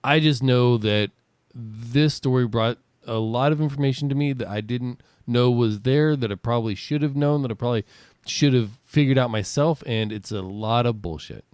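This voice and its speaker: A man co-hosting a podcast, reading news items and reflecting on them in a measured, frank way. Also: mid-range voice, darkish tone, smooth, no room sound. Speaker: podcast co-host.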